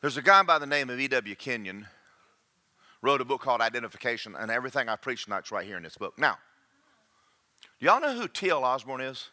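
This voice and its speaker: Forceful animated preacher man. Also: mid-range voice, brisk, pauses often. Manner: animated, jokey, checks in with the congregation. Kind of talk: sermon.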